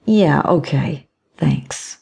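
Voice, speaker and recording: Casting: narrator doing a skeptical young woman, casual and dismissive, low husky voice. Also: very slow, a little mellow, heavily acted. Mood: wary, dismissive.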